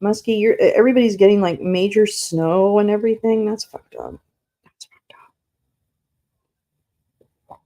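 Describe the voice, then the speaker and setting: A woman hosting a casual livestream talks to her chat and hums to herself, swearing and growing flustered and confused as she hunts for something. Her mid-range voice is very animated, a little fast, and dark in tone.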